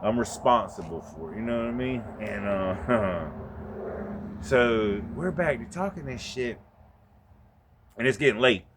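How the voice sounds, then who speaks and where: A man hosting a podcast, telling a story in a casual, profane way and getting animated as he acts out the exchanges. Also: medium pitch, measured pace, long pauses, background noise. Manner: profane, laid-back, animated when retelling. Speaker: podcast host.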